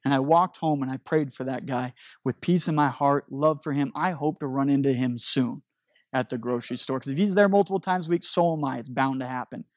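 A man's voice: mid-range voice, fairly quick, no room sound, clean studio sound. A man preaching a sermon as a pastor, telling a story animatedly with frequent restarts.

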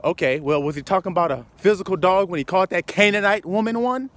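A man's voice: high-pitched, fast, a bit bright. A man preaching a confrontational, profane sermon full of rhetorical questions. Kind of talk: fiery street sermon.

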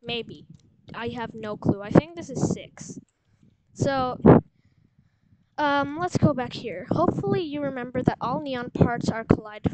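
A woman hosting a casual gameplay walkthrough, rambling and unsure of herself, with lots of fillers. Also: sits high. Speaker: game guide host. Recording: loud background noise with clicks.

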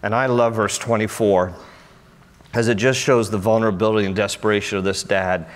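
A man's voice: fairly low pitch, steady tone, fairly quick. A male pastor preaching a sermon in a church, storytelling with humor. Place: church sanctuary. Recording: echoey church hall.

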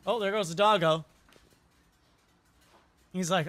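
Hosting a reaction video, this speaker gives casual, animated commentary on fail clips, exclaiming and voicing what the people and animals might be thinking. The voice is mid-range and slow, with long pauses and a slight hiss or hum in the recording.

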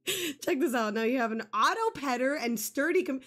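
A woman's voice: high voice, expressive, moderate pace, a bit bright. A woman streaming a farming game, chatting casually, reading game text aloud and laughing often. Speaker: gaming streamer. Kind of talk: casual let's-play chat.

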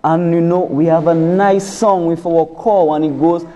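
A Barbadian woman caregiver leading play exercises with toddlers, giving slow, patient, repeated praise. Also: on the low side, steady tone, mellow, lo-fi sound. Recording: echoey room with faint noise.

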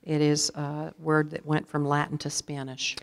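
A woman serving as a spelling bee pronouncer, reading words, definitions and sentences in a measured, formal way. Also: deep voice. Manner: measured, even, repeats each word clearly. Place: school auditorium. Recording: long reverb of a large hall.

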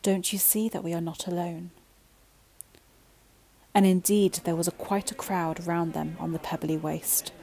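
Mellow, low-voiced woman reading a bedtime story. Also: rough recording.

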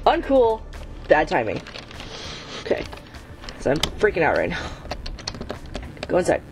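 A woman's voice: low voice, huge pitch swings, measured pace, soft background music. A woman hosting her own gaming channel, giving let's play commentary while she plays, exasperated and swearing at the game, often chanting the same urging words over and over. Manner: chants repeated urging phrases.

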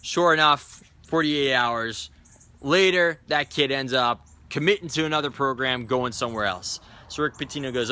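Bright-voiced man telling a sales story. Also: medium pitch, normal speed, dry recording. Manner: animated storyteller acting out quotes. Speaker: sales trainer. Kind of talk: storytelling sales tip video.

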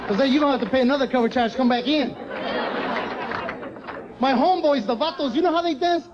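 High-voiced male comic working a live crowd, muffled lo-fi sound, roaring audience behind. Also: fast talker. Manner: joking, animated crowd work. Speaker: stand-up comedian. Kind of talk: stand-up comedy. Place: live concert stage. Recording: lo-fi concert recording with loud crowd noise.

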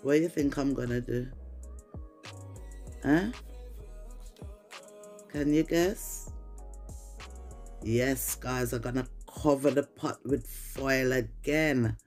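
In her kitchen, a Jamaican woman cooking vlogger walks viewers through a recipe in patois-laced English, speaking slowly with long pauses in a very deep, slightly mellow voice. Soft music plays in the background.

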